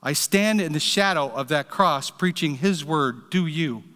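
A man's voice: on the high side, expressive, unhurried, pushed and bright, long reverb tail. A man preaching a sermon, telling a story in an earnest, direct way. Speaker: pastor.

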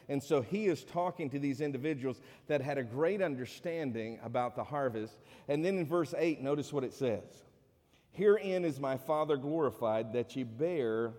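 A man preaching a conversational sermon as a pastor, raising his pitch when he acts out the people he quotes. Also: a little mellow. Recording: long hall reverb.

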